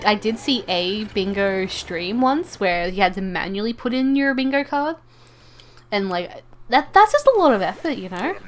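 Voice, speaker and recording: A woman streamer chatting casually to her viewers while she plays, rambling and playful, often stumbling and repeating her words. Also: mid-range voice. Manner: playful, talks to viewers and game characters. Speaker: live streamer. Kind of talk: casual live-stream chat while gaming.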